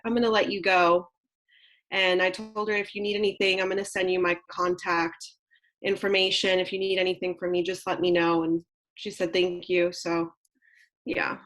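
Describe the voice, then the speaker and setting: A woman, an insurance agent, gently sharing a sad client call in a casual team meeting on a video call. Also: medium pitch, low-quality recording.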